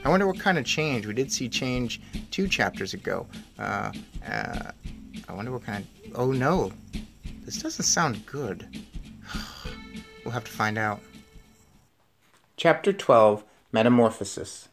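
A man reading a novel aloud, musing quickly before a chapter and then telling it in a steady, lively way. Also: mid-range voice, vocal fry, over music. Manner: musing aside between readings. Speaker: reader.

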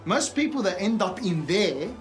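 An Australian man playing a rude, foul-mouthed young fast-food worker who snaps sarcastic insults at customers in a comedy sketch. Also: sits high, sing-song, faint music behind. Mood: insulting.

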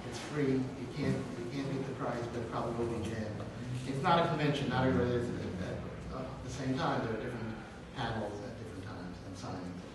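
A man's voice: medium pitch, fairly quick, few pauses. A man hosting an education event, making announcements and introducing the speaker in a casual, hesitant way. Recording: echoey room, distant mic, noise.

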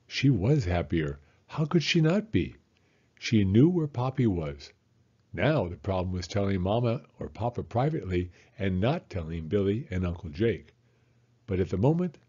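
Male storyteller for kids, mellow husky voice, lively read-aloud, dull lo-fi home recording. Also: sits low, normal speed. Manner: expressive, animated narration. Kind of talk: children's book read-aloud.

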